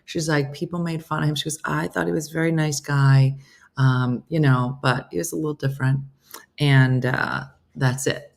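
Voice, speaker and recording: Low-pitched woman, middle-aged, chatty comedian host, storytelling. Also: normal speed, vocal fry. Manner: chatty storyteller, quoting others in lively voices. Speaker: comedian hosting a live morning show. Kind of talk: casual chat reading viewer comments.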